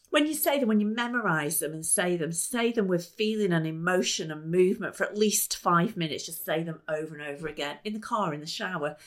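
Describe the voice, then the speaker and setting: A woman hosting a podcast as a life coach, talking in an enthusiastic, emphatic and chatty way. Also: on the low side. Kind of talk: motivational podcast talk.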